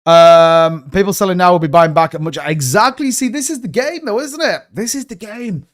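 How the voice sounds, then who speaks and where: A young man hosting a live crypto stream, talking excitably and rambling straight to his viewers. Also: high voice, normal speed. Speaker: crypto channel host. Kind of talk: live-stream market commentary.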